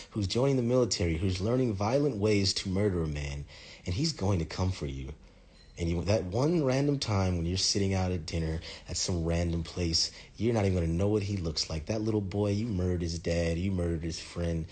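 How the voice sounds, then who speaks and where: A man in a casual vlog monologue, telling a story in an animated, dramatic way and swearing often. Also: low-pitched, breathy edge. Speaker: vlogger.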